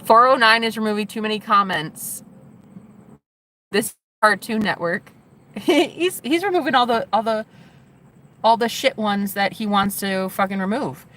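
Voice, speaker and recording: A woman live streamer chatting casually with her viewers, gushing and excitable, with casual swearing. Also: mid-range voice, a little slow.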